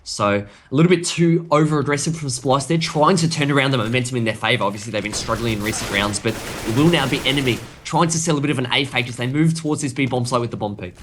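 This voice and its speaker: Fast-talking male esports analyst. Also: medium pitch, fairly bright tone, slight background noise. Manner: rapid, detailed tactical breakdown. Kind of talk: analytical color commentary.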